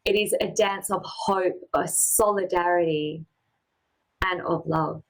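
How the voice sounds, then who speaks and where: A woman performing a personal spoken-word story, with a measured, poetic and deliberate delivery. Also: lowish voice, fairly even intonation, rough recording.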